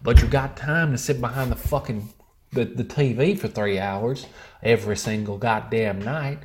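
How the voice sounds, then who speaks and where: A man's voice: medium pitch, normal speed, a little mellow, natural voice. A man putting on a wavering American accent to play a profane patriotic American man ranting about laziness. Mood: scolding. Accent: put-on American. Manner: preachy, scolding, profane.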